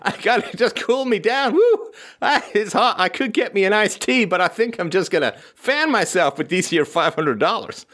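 A man hamming up a show-off fanning himself with a wad of cash, talking in an exaggerated made-up drawl. The voice sits high, with big swoops in pitch. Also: expressive, normal speed, hardly any pauses, a bit bright. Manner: exaggerated, put-on generic accent.

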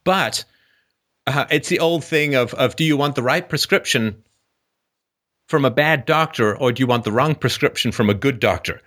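A man hosting a call-in show, talking in an animated, joking way with frequent restarts. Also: medium pitch, moderate pace. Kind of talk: casual call-in conversation.

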